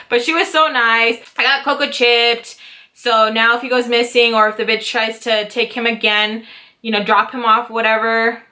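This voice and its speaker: A woman in her twenties telling a story to camera in a casual vlog, animated and dramatic, with swearing and acted-out quotes. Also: fairly high pitch, normal speed. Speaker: YouTube storyteller, mother.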